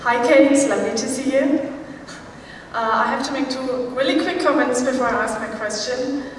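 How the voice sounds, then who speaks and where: A woman from Germany speaks politely and eagerly, a touch nervous, with a somewhat high voice. She sounds distant and washed in the long reverb of a large hall. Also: normal speed, background noise. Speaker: fan asking a question. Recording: distant, echoey hall recording.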